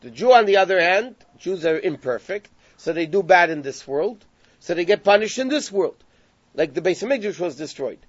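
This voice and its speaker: A man with a high voice teaches a Gemara lesson, retelling the story and translating each Hebrew phrase as he goes. The recording is dry and a bit dull, with no room sound. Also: expressive, moderate pace, no echo. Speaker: Torah teacher.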